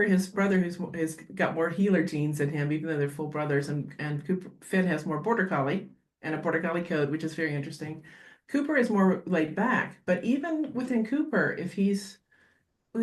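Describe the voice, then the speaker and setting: A woman guest on a podcast talking as a dog behaviorist, animated and quick to act out little scenes. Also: on the low side. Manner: animated, acts out dogs and owners in quick asides. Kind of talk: podcast interview conversation. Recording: roomy echo.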